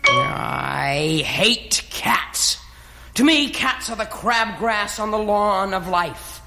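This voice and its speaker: A woman's voice: medium pitch, expressive, extremely slow, pushed and bright, faint music behind, heavily acted. A woman playing a dramatic, cat-hating male pet dog in a stage musical, brooding in theatrical self-pity. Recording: reverberant stage recording.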